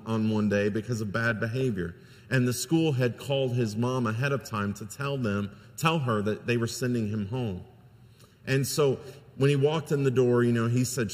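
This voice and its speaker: A man's voice: mid-range voice, long reverb tail. A male pastor preaching a sermon, telling a story earnestly with frequent restarts.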